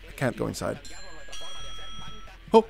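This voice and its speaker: A man commentating his horror gameplay casually, jumpy and swearing, shouting at the game character. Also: unhurried, faint music behind. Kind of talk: casual let's play commentary.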